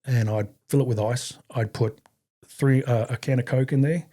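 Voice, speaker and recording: A middle-aged man with an Australian accent, speaking as a podcast guest. His voice is mellow and warm, and sits at an ordinary pitch. He stumbles through restarts and fillers and swears bluntly as he tells his story. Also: steady tone, moderate pace. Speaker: podcast guest, army veteran. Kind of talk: casual conversational storytelling.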